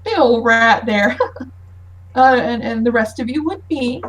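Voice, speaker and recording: An eccentric, mysterious high elf man greets his guests with flamboyant, hesitant charm, as a woman puts him on. He stumbles and fusses over every pleasantry. The sound carries a little distance from the mic. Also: animated, measured pace, fairly bright tone.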